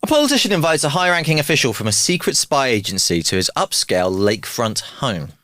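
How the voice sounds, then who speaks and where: Animated male podcast host telling jokes. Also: mid-range voice, quick pace, no echo, studio quality. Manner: animated storytelling, laughs often. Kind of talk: casual joke-telling chat.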